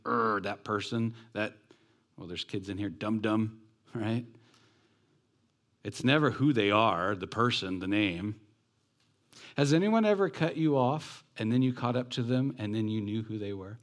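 Conversational male pastor preaching. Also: fairly low pitch. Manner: conversational, joking asides, rhetorical questions. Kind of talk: sermon.

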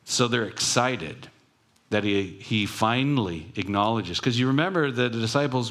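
A man's voice: medium pitch, moderate pace, fairly bright tone. A man preaching a sermon in a conversational, storytelling way, acting out quoted voices and adding self-correcting asides. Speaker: pastor.

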